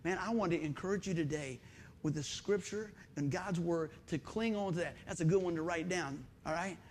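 A middle-aged male pastor, preaching a folksy, animated sermon full of stories and calls for amen. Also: fairly high pitch, moderate pace, a little hiss or hum. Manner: folksy, animated, storytelling with asides and call-and-response.

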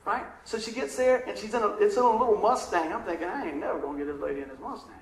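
High-voiced man preaching in an echoey room. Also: rapid-fire. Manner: emotional, conversational, Southern-tinged storytelling with asides to the congregation. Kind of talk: storytelling sermon.

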